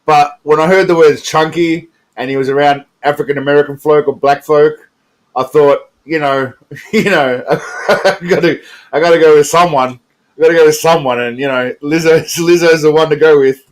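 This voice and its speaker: A man's voice: a little high, steady tone, normal speed. A man hosting a reaction video, giving loose casual commentary and swearing as he wanders off on tangents. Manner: rambling, profane, chuckling, goes off on tangents. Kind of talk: casual commentary over clips.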